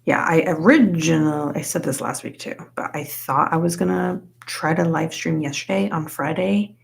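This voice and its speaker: A young woman with a low, gravelly voice talks casually to her live stream viewers as she crochets. She rambles in a relaxed way, full of "like" and "you know", and greets people from the chat by name. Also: normal speed. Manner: chatty, says "like" a lot, reads out chat names.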